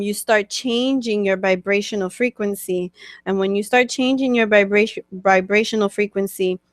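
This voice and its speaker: A woman with a New York accent talks through a webcast as a spiritual coach, explaining things casually and checking in often with "okay?" and "right?". Her voice sits at a middle pitch and is recorded dry and close, with no room sound around it. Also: no echo. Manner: chatty, many fillers and "okay?" check-ins. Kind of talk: casual teaching talk answering questions.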